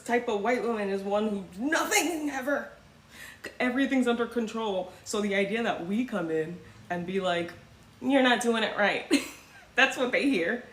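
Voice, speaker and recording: A woman hosting a casual commentary livestream, talking in a loose, sarcastic way and now and then slipping into mocking voices. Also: medium pitch. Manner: conversational, sarcastic, swings into mocking put-on voices. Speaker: host. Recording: echoey room with faint ambient noise.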